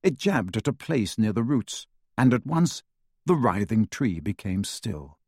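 Expressive male audiobook narrator, husky voice, dry close recording; lively storytelling delivery. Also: on the low side, measured pace, dry recording. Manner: dramatic, varied pacing.

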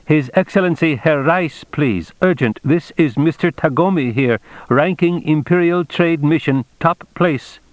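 A man's voice: medium pitch, lively intonation, normal speed, few pauses, dry recording, close to an everyday voice. A man voicing a tense, formal male trade official who speaks in stiff, clipped phrases. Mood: urgent.

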